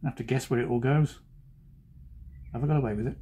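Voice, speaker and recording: A man's voice: medium pitch, fairly even intonation, fast, warm tone, breathy edge, dull audio. A man who is a cartoonist, talking casually while he draws and making joking, self-deprecating asides. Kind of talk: chatty drawing commentary.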